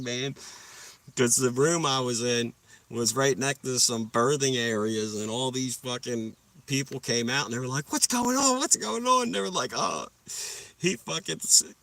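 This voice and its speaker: A man's voice: lowish voice, pushed and bright. A young man chatting casually on a livestream, rambling through profane, hyped stories and asking viewers to like and subscribe. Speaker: livestream host. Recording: voice a bit far from the mic.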